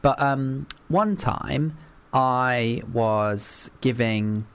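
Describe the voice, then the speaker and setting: A man's voice: very slow, a bit bright, clean tone. A man co-hosting a podcast, telling a candid story in a giggly, casual way. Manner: giggly, jumps up in pitch when laughing. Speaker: podcast co-host.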